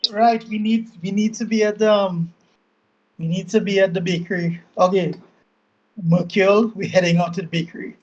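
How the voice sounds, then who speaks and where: A man playing a tabletop game, speaking eagerly and deciding quickly. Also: sits high, fairly even intonation, a little mellow. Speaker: player. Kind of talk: casual game chat. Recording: dull lo-fi mic.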